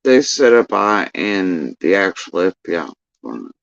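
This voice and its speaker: This livestreamer's low, gravelly voice stays very animated at a measured pace as he recounts personal events in a long, agitated monologue full of profanity and repetition. There's no echo, though the stream audio sounds dull and lo-fi.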